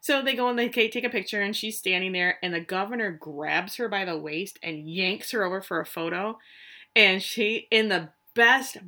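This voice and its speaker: A woman's voice: medium pitch, fairly quick, sharp tone. A woman co-hosting a podcast, casually retelling scenes from a show with frank, salty asides. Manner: casual, frank retelling with swearing and acted quotes. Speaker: podcast co-host recapping a TV episode. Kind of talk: casual chat.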